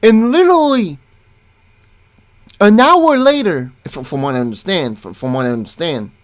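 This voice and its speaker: A woman's voice: fairly low pitch, expressive, moderate pace. A woman host ranting angrily through a reaction commentary, profane and exasperated, often stumbling and restarting her words. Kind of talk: angry reaction commentary, reading a document aloud.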